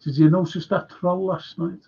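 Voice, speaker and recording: Husky liverpool guy hosting a live chat, reading comments out slow, kinda dull lo-fi sound. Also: sits high, level tone, warm tone. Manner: chatty, reading out viewer comments. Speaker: fan channel host. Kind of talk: casual live-stream chat.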